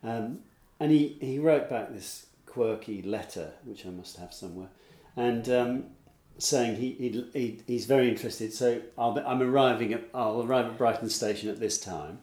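A man's voice: mid-range voice, moderate pace, darkish tone. A man telling a meandering story in casual chat, with many restarts. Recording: roomy echo.

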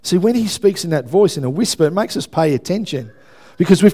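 A man's voice: high-pitched, animated, a little fast. A man, a pastor preaching a sermon to a congregation, emphatic and often checking in with listeners. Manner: emphatic, building to loud preaching, asks the congregation for responses. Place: church before a congregation.

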